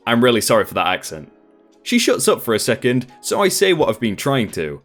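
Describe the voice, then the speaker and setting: A man reads online stories aloud for his channel in a scripted narration, his pitch swinging widely. His voice sits in a middle pitch, and faint music plays underneath. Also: fairly quick. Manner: lively, expressive reading. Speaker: storytime channel host.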